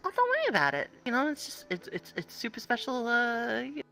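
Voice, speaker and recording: Bright-voiced stammering woman running a roleplay. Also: on the high side, huge pitch swings, a little fast, gravelly, soft background music. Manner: stammering, rambling, restarts a lot. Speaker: roleplay player and game master. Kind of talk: in-character roleplay and game narration. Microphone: online voice chat.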